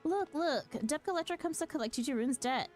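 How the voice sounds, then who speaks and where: Excitable little creature trader, male, high, quick, broken speech; woman voicing. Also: soft background music. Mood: eager.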